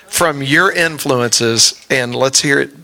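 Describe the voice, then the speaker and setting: A man interviewing musicians in a relaxed, drawling way. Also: mid-range voice, takes it slowly, gravelly. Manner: relaxed, drawling, uses y'all. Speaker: interviewer host. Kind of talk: casual interview.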